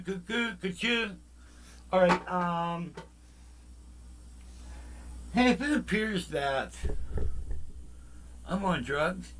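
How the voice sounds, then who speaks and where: A man's voice: on the high side, a bit bright. A man hosting his own music channel, chatting casually and rambling through tangents, fillers and jokes aimed at his viewers. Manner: laid-back, jokey, talks straight to viewers. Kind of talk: casual rambling vlog chat.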